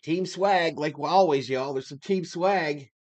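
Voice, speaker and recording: A man hosting a live sports stream, chatting in an upbeat, slangy way and giving shout-outs to his chat. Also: a little high, takes it slowly.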